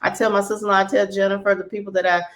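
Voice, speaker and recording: A woman's voice: medium pitch, level tone, very fast, fairly bright tone. A woman hosting an interview, speaking earnestly and emotionally as she thanks her guest. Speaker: host.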